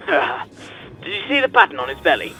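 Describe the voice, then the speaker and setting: A man's voice: fairly high pitch, very animated, measured pace, bright, forceful tone, voice pushed up, heavily acted, poor audio. Man voicing a chatty radio operator guy. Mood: explanatory. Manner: explaining rumors matter-of-factly. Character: chatty male radio operator, know-it-all explainer. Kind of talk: reading game dialogue aloud in character.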